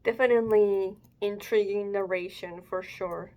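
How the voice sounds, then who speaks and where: Woman, young adult, unhurried pace, mid-range pitch, hesitant musing, casual reaction commentary. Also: fairly even intonation, warm tone. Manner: hesitant, thinking aloud with fillers. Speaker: manga reaction host.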